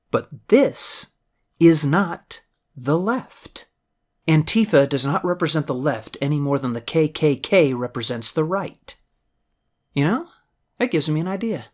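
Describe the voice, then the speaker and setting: A man with a Midwestern accent delivering a blunt, sardonic opinion monologue as a radio commentator. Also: mid-range voice. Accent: American Midwestern. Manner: sardonic, blunt, with jokey asides.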